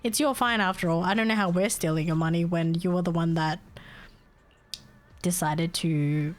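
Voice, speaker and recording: A woman's voice: on the low side, fairly even intonation, normal speed, faint music behind. A young woman, chatting casually on a live stream, venting in exasperation, laughing often and swearing.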